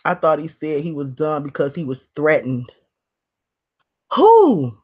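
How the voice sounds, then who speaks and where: A woman's voice: deep voice, measured pace, slightly rough. Candid woman chatting on a lo-fi stream. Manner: candid, animated, rambling with frequent laughs. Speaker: livestream host. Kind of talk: casual live chat reading viewer comments. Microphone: streaming mic. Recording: dull lo-fi stream audio.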